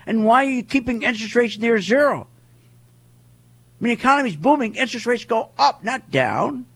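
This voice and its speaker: Husky man on a heated market rant. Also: extremely high pitch, lively intonation, fairly quick, a bit bright. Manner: heated, repetitive, rhetorical questions. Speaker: market commentator. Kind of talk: ranting monologue.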